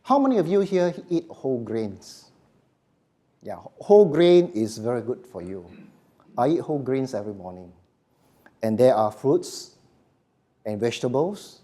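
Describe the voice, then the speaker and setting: A man's voice: medium pitch, big pitch swings, normal speed, pauses often, dark tone. A middle-aged man giving a live voice workshop in short, emphatic phrases, often checking in with the audience. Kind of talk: live seminar lecture.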